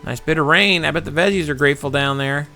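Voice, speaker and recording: A man's voice: a little high, fast talker, sharp tone, faint music behind. A man voicing a stubborn, hopeful village pumpkin farmer who chats in a homespun way. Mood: chatty. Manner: chatty, homespun. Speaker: farmer character.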